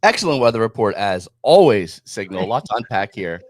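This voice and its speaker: A man hosting a podcast, leading the chat with energetic, laughing banter. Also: fairly low pitch, fairly quick, soft background music. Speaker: podcast host.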